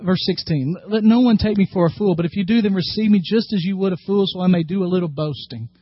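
A male pastor preaching with a fairly high voice. He animates the quoted scripture with rising emphasis, then sinks low and quiet to drive his points home. The recording is close, dry and slightly muffled. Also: quick pace, husky, no echo. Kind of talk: sermon.

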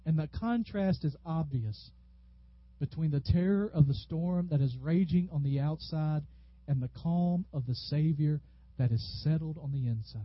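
A man with a high voice preaches a sermon. He tells stories with lively energy and bursts out loudly when acting out what people said. The recording is dry and slightly dull. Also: normal speed, no room sound. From Tennessee, USA. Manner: animated, storytelling preacher who acts out quotes loudly. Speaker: pastor.

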